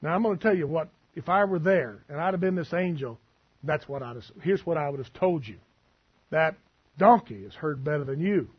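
A man's voice: fairly high pitch, animated, a little fast, slightly rough, muffled recording. A man preaching a sermon as pastor, folksy and full of asides and humor.

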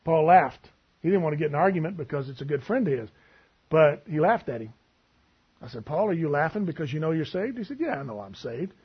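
A man preaching a sermon, telling stories and acting out both sides of a conversation in a husky voice. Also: on the high side, expressive, fast talker, lo-fi sound.

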